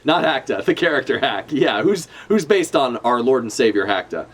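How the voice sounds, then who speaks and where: A man's voice: medium pitch, sing-song, normal speed. Profane rambling male streamer. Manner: rambling, profane, self-correcting. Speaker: streamer reacting to a comic chapter. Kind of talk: casual live reaction chat.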